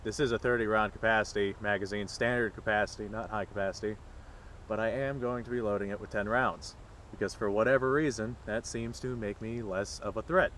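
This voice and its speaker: A man's voice: fairly low pitch, a bit bright, slight background noise. A man making a sarcastic, mock-serious vlog outdoors at a shooting range. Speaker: gun vlogger.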